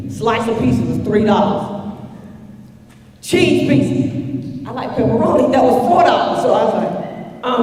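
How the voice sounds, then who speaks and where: A woman's voice: mid-range voice, expressive, moderate pace, long pauses, darkish tone, slight background noise. A woman telling a playful, joking story while speaking to students. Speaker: motivational speaker. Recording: echoey hall from far off.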